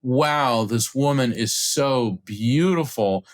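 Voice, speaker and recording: A middle-aged man, a guest on an interview podcast, telling a story with excitement and acting out the voices of the people in it. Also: medium pitch, takes it slowly. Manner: acts out quoted voices, excited retelling. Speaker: podcast guest, psychic medium.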